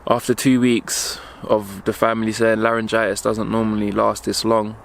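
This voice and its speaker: Choked-up young man, gravelly low voice. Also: little pitch movement, a little hiss or hum. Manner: halting, fighting back tears, many pauses and fillers. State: holding back tears. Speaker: vlogger. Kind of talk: emotional personal vlog. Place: outdoors walking, forest.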